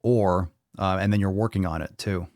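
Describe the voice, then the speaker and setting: A man's voice: sits low, steady tone, moderate pace, a little mellow, no room sound, clean studio sound. A man hosting a fitness podcast, answering viewer questions in a casual live Q&A, blunt and profane as he reads comments and rants back.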